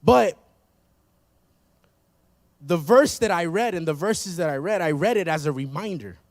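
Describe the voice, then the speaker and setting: A man in his thirties preaches with a high voice that catches into a gravelly fry. He builds through repeated phrases with emphatic force, and the sound is dry and close with little room around it. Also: no echo. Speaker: pastor. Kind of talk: sermon. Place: church.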